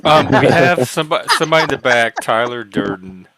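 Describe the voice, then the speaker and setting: A man's voice: medium pitch, expressive, fairly quick, pushed and bright. A man hosting a casual online panel, asking questions and steering who joins. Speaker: host.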